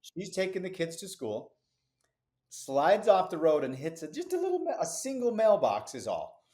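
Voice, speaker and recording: A middle-aged business founder, a man, telling a lively story as a podcast guest, with quick asides and easy laughs. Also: sits high. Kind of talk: casual interview storytelling.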